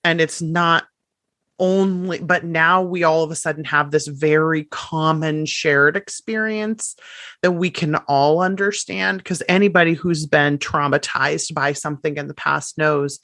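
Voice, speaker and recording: A woman's voice: low voice, unhurried, a bit bright, no echo, studio quality. A woman, a writing coach, talking as a guest on a podcast in an emphatic way, repeating words for stress. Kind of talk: conversational podcast interview.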